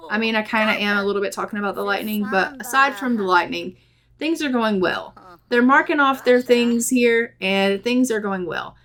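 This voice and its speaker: A woman giving casual, chatty let's-play commentary, giggling and voicing her characters' thoughts in quick asides. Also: medium pitch, fairly bright tone. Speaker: gameplay narrator.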